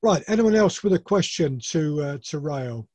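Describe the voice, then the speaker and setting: Guy running the q&a on a club video call, slightly high voice, dry close sound, jokey. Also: expressive, moderate pace, darkish tone, dry recording. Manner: friendly, joking, lots of fillers. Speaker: club meeting chair. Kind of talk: chairing questions on a video call.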